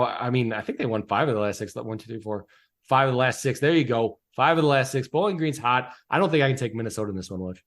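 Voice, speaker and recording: Chatty, teasing man on a sports podcast. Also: mid-range voice. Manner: chatty, teasing, laughs while talking. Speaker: podcast co-host. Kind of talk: casual sports betting chat.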